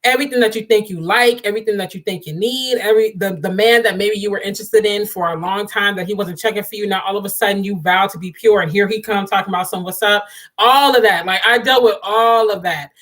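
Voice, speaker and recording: A woman's voice: mid-range voice, fast talker. A woman, talking straight to her viewers and laughing often. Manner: animated, laughs often, talks to viewers as y'all. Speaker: livestream host. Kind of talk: casual chat.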